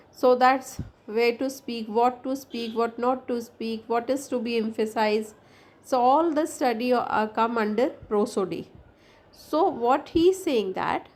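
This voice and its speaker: A woman with an Indian English accent, a native Hindi speaker, giving a classroom lecture. She explains in a roundabout way with many fillers and restarts. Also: a little high. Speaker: English teacher.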